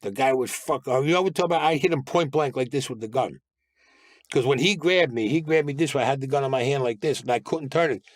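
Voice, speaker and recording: A blunt man recounts his stories in an interview, with plenty of swearing and acted-out dialogue. His voice sits at an average pitch. The recording is dry and close. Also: fast talker, dry recording. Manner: blunt, profane, acts out quoted dialogue. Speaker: guest recounting past crimes. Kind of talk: storytelling interview.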